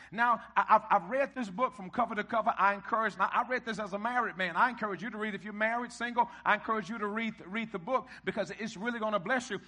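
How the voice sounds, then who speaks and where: A middle-aged man preaching a sermon to a congregation, leading call-and-response and rising to shouts. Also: sits high. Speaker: pastor. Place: church hall before a congregation.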